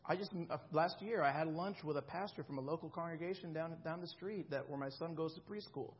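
A man's voice: a little high, a little fast, slightly rough, muffled recording. A man in his thirties preaching a sermon in a conversational way, often checking in with the congregation. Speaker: pastor.

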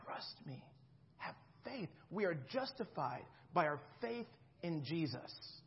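A man's voice: on the high side, very animated, a little slow, muffled recording, slight background noise. A man in his thirties preaching a sermon in a conversational way, often checking in with the congregation. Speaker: pastor.

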